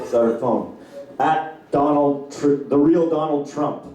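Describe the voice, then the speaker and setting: A man from Canada performing stand-up, with a mellow voice and loose crowd-work banter that slips into acted voices. His mic sounds very echoey and distant in the club. A faint hum sits underneath. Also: medium pitch, unhurried. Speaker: stand-up comedian. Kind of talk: stand-up comedy set. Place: comedy club.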